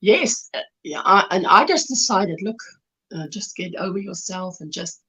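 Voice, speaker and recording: A woman's voice: mid-range voice, animated, moderate pace, bright, forceful tone, husky. A woman with a South African accent, chatting casually as a guest in an interview and laughing as she explains things. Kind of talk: casual video-call interview. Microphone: video call.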